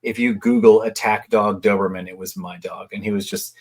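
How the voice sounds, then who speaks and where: A man's voice: lowish voice, fairly even intonation, a little fast. A man co-hosting a casual podcast discussion, talking in a reflective, chatty, storytelling way. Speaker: podcast co-host.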